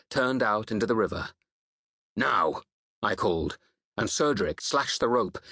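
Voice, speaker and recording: A man reading a historical novel as a dramatic first-person audiobook narration, in a measured storytelling manner that slows on reflective passages. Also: lowish voice, fairly bright tone, no room sound, studio quality.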